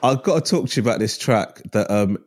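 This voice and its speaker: Male podcast host, casual, excitable, swears freely, light music bed. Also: on the low side, brisk. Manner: enthusiastic, sweary, lots of fillers. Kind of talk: casual chat.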